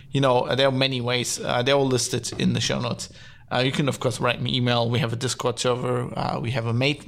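Gravelly-voiced male podcast host, rambling. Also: medium pitch, a bit bright. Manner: rambling, many fillers and restarts, sardonic. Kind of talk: casual solo podcast talk. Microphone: podcast mic, streamed live.

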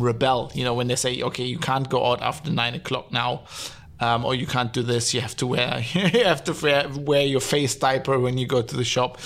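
A man hosting a live-streamed podcast, his voice sitting at an ordinary middle pitch with a gravelly edge. He rambles sardonically, full of fillers and restarts. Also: fairly bright tone. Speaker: podcast host. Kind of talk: casual solo podcast talk. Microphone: podcast mic, streamed live.

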